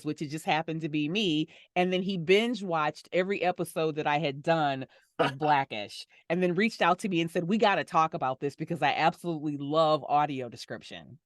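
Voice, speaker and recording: Warm smiling woman voice talent. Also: sits low, dry recording, clean studio sound. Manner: warm, smiling, laughs easily. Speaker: audio description narrator and voice actor. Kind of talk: conversational interview answers.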